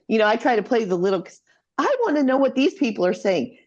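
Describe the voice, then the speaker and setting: A woman guest who is a fraud expert, telling her story in a lively, playful way on an interview podcast. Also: a little high, fast. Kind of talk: conversational interview. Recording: slightly dull, muffled audio.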